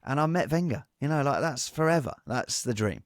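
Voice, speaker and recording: A man, a comedian and guest on a podcast, telling animated anecdotes full of fillers and restarts. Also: medium pitch, brisk, no room sound, clean studio sound.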